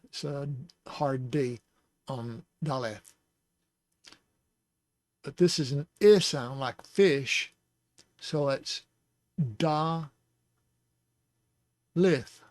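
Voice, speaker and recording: A man's voice: mid-range voice, vocal fry, no echo. A man teaching the Hebrew alphabet in a patient, casual lesson, with small jokes and chuckles along the way. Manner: slow, patient, joking asides with chuckles.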